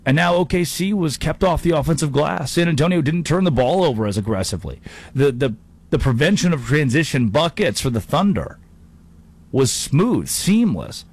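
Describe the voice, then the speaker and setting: Animated male sports-talk host. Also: fairly high pitch, moderate pace. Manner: animated, jokey, slips into mock impressions. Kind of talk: energetic sports commentary monologue.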